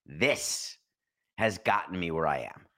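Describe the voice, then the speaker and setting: A male talk show host with a low voice that swings around a lot. He chats in a playful, animated way and tells stories with sudden high leaps. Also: takes it slowly. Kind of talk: casual podcast monologue.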